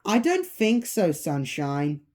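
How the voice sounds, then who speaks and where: A woman's voice: fairly low pitch, big pitch swings, darkish tone. A woman voicing Toy Bonnie, a gloating animatronic rabbit. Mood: menacing. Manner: slow, gloating menace.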